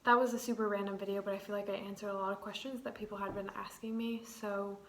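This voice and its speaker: A woman's voice: medium pitch, flat delivery, fast talker, echoey room, background noise. A young woman in her twenties, chatting casually as a vlogger, rambling with lots of "like.". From United States. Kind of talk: casual chat.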